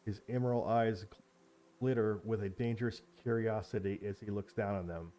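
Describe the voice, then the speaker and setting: Mellow, low-voiced male game master. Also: steady tone, a little hiss or hum. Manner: descriptive, measured storytelling. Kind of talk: tabletop game narration.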